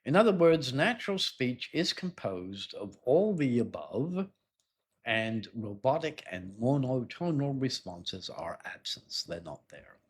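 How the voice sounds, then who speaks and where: A man teaching an exam-prep lesson in a loose, conversational way, often clearing his throat and repeating words. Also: mid-range voice, very animated, unhurried. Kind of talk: explanatory spoken lesson.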